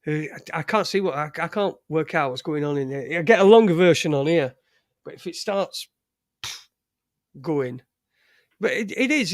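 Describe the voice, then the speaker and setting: A man's voice: fairly high pitch, expressive, no echo, clean studio sound. Sweary rambling man. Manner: profane, rambling, halting with many restarts. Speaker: live show host. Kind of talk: casual live-stream rant.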